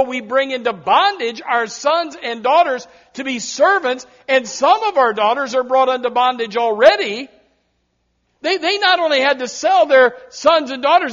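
A man with an extremely high, slightly bright voice preaches a sermon as a pastor. He is emphatic and repetitive, often turning aside to speak directly to his congregation. The recording is a dull, lo-fi capture of the sermon.

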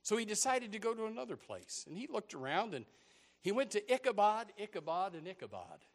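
A man preaching a sermon as a story, animated and often repeating words as he starts a sentence. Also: high voice, a little fast.

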